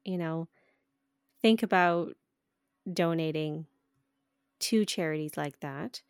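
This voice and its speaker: A woman's voice: sits low, slow, smooth, no echo, clean studio sound. A woman co-hosting a podcast, telling a story in casual chat, laughing often and swearing freely. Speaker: podcast co-host.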